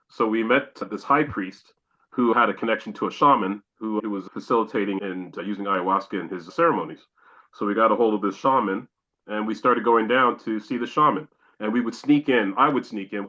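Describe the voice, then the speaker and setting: Low-voiced man telling a vivid story. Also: dull audio. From Canada. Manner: animated, acts out his own exclamations. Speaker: podcast guest. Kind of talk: storytelling in a podcast interview.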